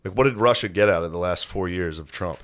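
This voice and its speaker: A man's voice: sits low, fast. A man hosting a podcast in casual chat, laid-back, laughing often and swearing freely. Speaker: podcast host.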